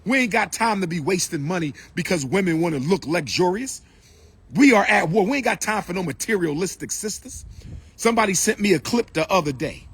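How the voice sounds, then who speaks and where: A man's voice: sits high, lively intonation, brisk, breathy edge. A man giving an impassioned, repetitive lecture and calling out to his listeners. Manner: preachy, repetitive, calls out to the audience. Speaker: speaker addressing an audience.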